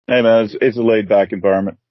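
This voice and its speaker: Husky, rambling podcast host guy. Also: lowish voice, steady tone, quick pace, no echo, muffled recording. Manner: rambling, profane, keeps saying "man". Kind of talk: casual interview chat.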